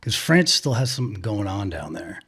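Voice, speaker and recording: A man's voice: on the low side, big pitch swings, normal speed, a bit bright, husky. Man, podcast co-host, casual chat, rambling, swears, lots of fillers. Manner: rambling, profane, filler-heavy storytelling.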